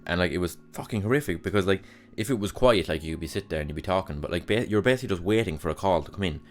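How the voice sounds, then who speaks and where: A man's voice: deep voice, lively intonation, rapid-fire, faint music behind. A young man hosting a podcast, telling rambling, sweary stories about his past jobs with exasperated humor. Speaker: podcast host. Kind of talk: casual solo monologue.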